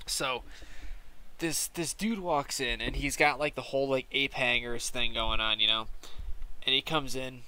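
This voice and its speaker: A man's voice: mid-range voice, steady tone, unhurried, sharp tone, clear, resonant tone. A man streaming a game and rambling through a funny anecdote, full of fillers. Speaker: gaming streamer. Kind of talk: casual storytelling while gaming.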